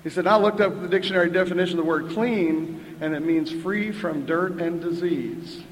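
A man's voice: high voice, fairly even intonation, moderate pace, a little hiss or hum. An older man telling a wry, chatty story at a twelve-step recovery meeting, often tossing in "right?" and a laugh. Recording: echoey hall with faint ambience.

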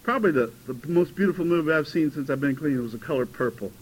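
A man in his fifties telling his recovery story to a meeting, animated and given to sudden loud outbursts. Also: a little high, fast talker, a little hiss or hum, low-quality recording. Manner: animated storytelling, bursts into shouting. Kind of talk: personal testimony to a meeting. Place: meeting hall before a live audience.

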